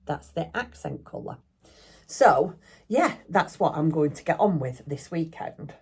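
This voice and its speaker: In her home craft room, an older craft vlogger talks in a husky, sing-song voice that's low and unhurried. Her chat is casual and a bit rambling, and she pokes fun at herself along the way.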